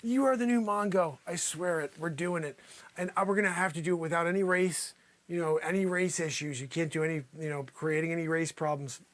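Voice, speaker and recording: A man hosting an improvised comedy show, parodying a news anchor and riffing on his guests with loose, teasing banter. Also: brisk. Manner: breaks into high-pitched fits of laughter, shouting.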